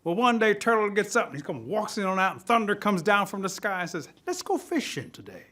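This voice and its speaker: Male storyteller, expressive, bright voice, fairly high, animated oral tale. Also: fast. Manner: lively, expressive. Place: studio.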